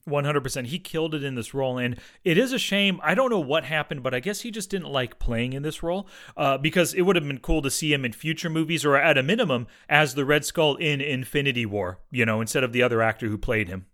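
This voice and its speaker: A man's voice: fairly high pitch, quick pace, few pauses, a bit bright. An easygoing man chatting casually about a movie as a podcast co-host, agreeing readily with his partner.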